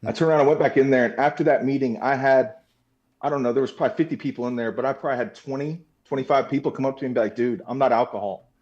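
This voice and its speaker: A man's voice: mid-range voice, steady tone, very fast, darkish tone, highs cut off. A man sharing his recovery story in a video-call meeting, candid and emotional, swearing freely. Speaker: meeting participant. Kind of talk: personal recovery share.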